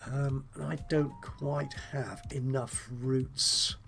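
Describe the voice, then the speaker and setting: A man's voice: mid-range voice, steady tone, slow, creaky, fairly bright tone, faint music behind. A man talking through a strategy game as he plays, musing aloud in a politely chatty, self-deprecating way. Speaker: let's play host. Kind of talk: gameplay commentary, thinking aloud.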